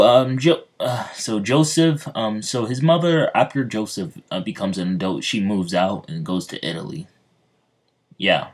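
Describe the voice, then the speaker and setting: Hesitant young man, low husky voice. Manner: hesitant, many ums and restarts. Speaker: fan video creator. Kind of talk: casual story retelling.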